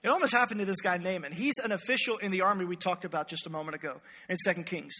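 Male pastor, high and very bright, playful animated sermon, long hall reverb. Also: fast. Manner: animated, joking, voices characters in quotes. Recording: echoey hall.

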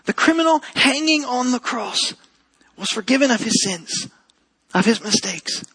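A man's voice: very high-pitched, lively intonation, a little slow, pushed and bright, breathy edge, poor audio. A man preaching a sermon to a church congregation, earnest and repeating key phrases for emphasis. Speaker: pastor.

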